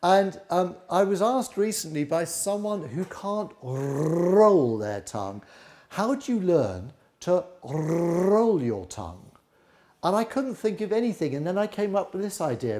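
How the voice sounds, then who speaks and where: A middle-aged man teaching a live flute masterclass, encouraging his students and leading them through tongue twisters that he repeats slowly. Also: on the high side, expressive, a little mellow.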